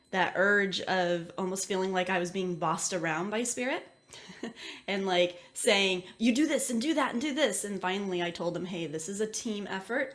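A woman's voice: medium pitch, fairly bright tone. A woman who is an intuitive medium, telling a personal story casually with many filler words. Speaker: intuitive medium, interview guest.

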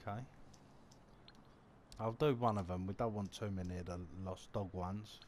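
A man's voice: sits low, fairly even intonation, moderate pace, darkish tone, a little hiss or hum. A man giving casual, crude, joking commentary over a video game, muttering as he reads things aloud. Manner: mutters while reading numbers aloud. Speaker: gaming commentator.

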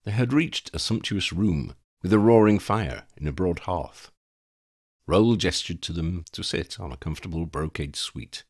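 A man narrating a fan fiction audiobook chapter in an expressive, dramatic storytelling style. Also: low voice, moderate pace, husky. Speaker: audiobook reader.

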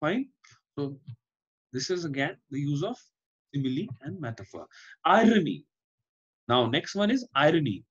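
A man's voice: a little high, sing-song, normal speed, pauses often, slightly rough, dull audio. A male teacher with an Indian English accent, giving an online class and explaining by repeating himself and asking "Fine?". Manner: explains by repetition, often asks "Fine?".

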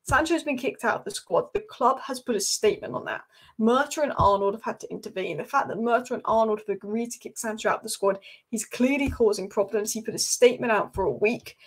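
A woman hosts her own football channel in a casual, emphatic vlog style. Her voice sits a little high, and she keeps driving her points home by repeating them.

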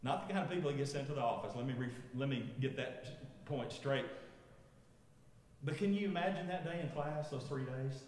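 Preacher, 50s, lively storytelling voice with lots of ups and downs, echoing through a big church. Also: male voice, mid-range voice, normal speed. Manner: storytelling, chuckling, asking the congregation. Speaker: pastor. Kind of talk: sermon. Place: large echoey church sanctuary. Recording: echoey church hall with long reverb.

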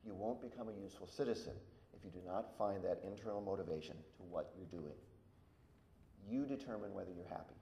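A man's voice: low voice, brisk, dark tone, slight background noise. A man giving a university lecture, reading verse aloud with emphasis and adding asides to the audience. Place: lecture hall. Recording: echoey hall.

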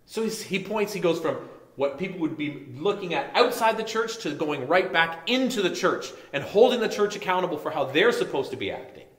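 A male pastor preaching a conversational sermon, dropping soft and low when reading scripture. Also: animated, brisk, reverberant. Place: church sanctuary.

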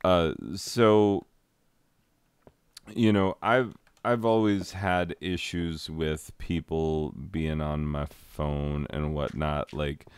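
Playing a game and telling a story, a thirties-aged teacher and gaming vlogger rambles self-deprecatingly and slips into sung asides during casual commentary. His voice is extremely low and steady, extremely slow, clean-toned, with no room sound.

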